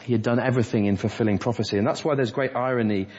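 A man delivering a sermon, his voice husky and a little breathy. He talks earnestly through the passage verse by verse. The sound is dull and lo-fi, with a long reverb from the church hall. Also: medium pitch, fairly even intonation, racing, a little mellow. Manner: earnest expository preaching, quoting scripture verse by verse. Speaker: preacher.

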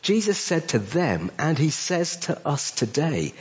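A male pastor preaching a sermon with emphatic delivery, his voice rising on questions and dropping low on key phrases. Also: sing-song, a little slow, few pauses, dull audio. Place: church.

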